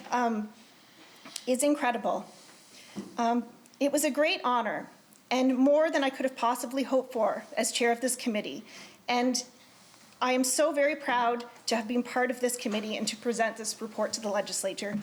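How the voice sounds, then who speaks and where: A woman's voice: fairly high pitch, a little hiss or hum. A woman presenting a committee report in a legislature, reading in a formal, earnest way. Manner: earnest, grows emotional. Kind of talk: formal legislative speech, read aloud. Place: legislative chamber.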